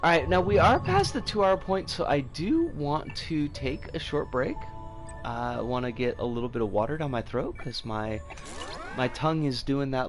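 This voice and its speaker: A man's voice: mid-range voice, animated, moderate pace, over music. A man streaming a game and chatting casually with his viewers, rambling with frequent fillers.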